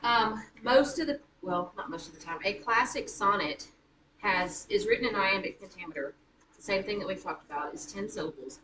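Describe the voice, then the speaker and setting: A woman teaching a high school writing class, chatty and teasing, often correcting herself mid-sentence. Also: animated, normal speed. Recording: echoey room, far from mic, noisy.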